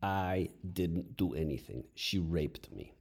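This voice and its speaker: A man's voice: low-pitched, animated, slow pace, darkish tone, husky, heavily acted. A man voicing a grumpy, defensive teenage boy who swears crudely while telling a story. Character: grumbling teenage boy, cocky and touchy.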